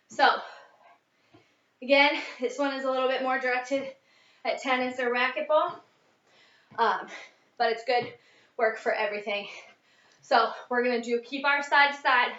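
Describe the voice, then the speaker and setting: Young woman fitness coach, high bright voice, kinda out of breath, far from the mic, echoey and muffled. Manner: upbeat coaching, counting reps, mid-exercise. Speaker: fitness instructor. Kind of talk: guided workout instruction. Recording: echoey, distant, dull lo-fi.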